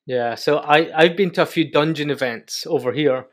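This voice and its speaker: A man's voice: fairly high pitch, normal speed. A man hosting an interview, asking questions hesitantly and rephrasing them as he goes. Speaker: podcast host.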